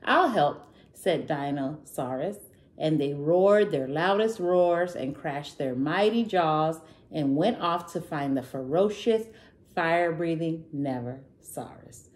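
A woman narrating a children's picture book aloud in a gentle, expressive way. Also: deep voice, slow, roomy sound. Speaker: children's storyteller.

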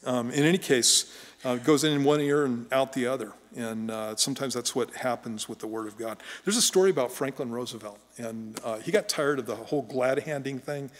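A man's voice: medium pitch, a little fast. A middle-aged man preaching a sermon as pastor, conversational and joking, often restarting his sentences. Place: church sanctuary. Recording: long church hall reverb.

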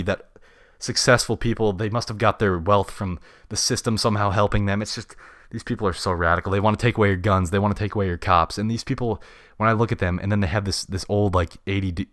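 A man hosting a casual solo podcast, blunt and slangy, swinging between loud opinionated bursts and mumbled asides. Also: low-pitched, no echo, clean studio sound. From United States. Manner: slangy and blunt, heavy on "dude" and "bruh". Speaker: podcast host.

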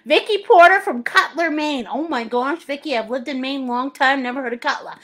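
Very high, bright-voiced bubbly woman. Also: fairly quick. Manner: bubbly, laughs often, calls people sweetie and honey. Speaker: art teacher hosting a live paint class. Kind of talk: live-stream chat, reading viewer comments aloud.

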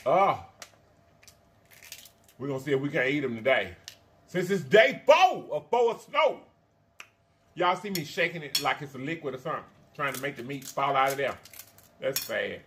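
A man's voice: medium pitch, lively intonation, a little slow, long pauses, fairly bright tone, slight background noise. A man hosting a mukbang vlog, chatting casually to viewers while eating, calling them y'all and honey, with frequent mm sounds between bites. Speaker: mukbang vlogger.

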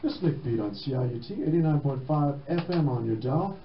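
A man's voice: medium pitch, animated, a little fast, reverberant, muffled recording, a little hiss or hum. A man hosting a community radio show, talking casually and loosely with fillers. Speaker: radio host.

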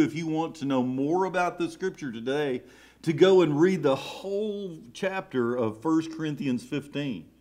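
A man's voice: medium pitch, darkish tone. A middle-aged man with a Southern US accent, preaching a sermon in a church sanctuary with emotional, emphatic swells. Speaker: pastor.

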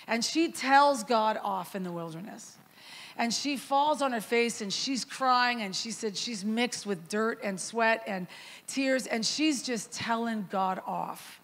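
A middle-aged woman, a guest worship leader, preaching in a relaxed storytelling way and acting out dialogue in a softer, lower voice. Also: a little slow, in a large hall. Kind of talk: storytelling sermon.

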